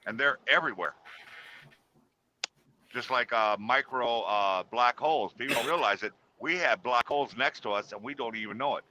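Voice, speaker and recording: Bright-voiced man telling a rambling story. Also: mid-range voice, normal speed, highs cut off, slight background noise. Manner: rambling, many restarts and fillers. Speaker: guest telling a personal story. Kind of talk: casual storytelling chat.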